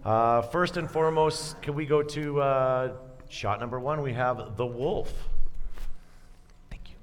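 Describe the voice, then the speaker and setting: A man's voice: mid-range voice, unhurried. A man hosting a live show and introducing his guests, joking and laughing often. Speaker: host. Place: paintball venue, indoors. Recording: echoey room, faint noise.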